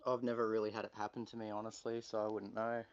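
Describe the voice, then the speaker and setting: A man's voice: on the low side, little pitch movement, fast talker, no echo. Australian man on a dull phone mic. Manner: brief, plain replies. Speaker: stream chat guest. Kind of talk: casual voice chat.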